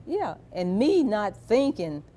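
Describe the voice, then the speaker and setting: A woman being interviewed, telling a personal family story in a slow, soft, reflective way. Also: sits low.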